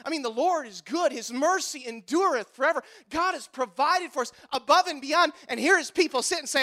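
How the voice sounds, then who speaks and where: A male pastor preaches a sermon. His voice sits unusually high and rings sharp and bright. He drives his points home with impassioned, repeated refrains. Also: very animated, a little fast, few pauses.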